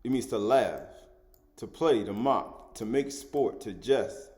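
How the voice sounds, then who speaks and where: A man's voice: medium pitch, slow pace, darkish tone. A man giving an informal spoken Bible study, chuckling often, repeating words and asking the listener "right?" as he goes. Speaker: scripture teacher.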